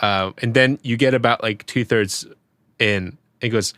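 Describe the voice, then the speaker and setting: A man's voice: mid-range voice, steady tone, measured pace, fairly bright tone, no room sound. A man appearing as a podcast guest, chatting casually with a joking, self-mocking manner. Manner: joking and self-mocking, does silly sound imitations. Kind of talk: casual chat.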